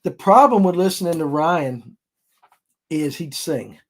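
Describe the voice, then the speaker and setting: Man, podcast host, slightly high voice, animated storytelling, casual. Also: unhurried. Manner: animated storyteller who acts out other people's lines.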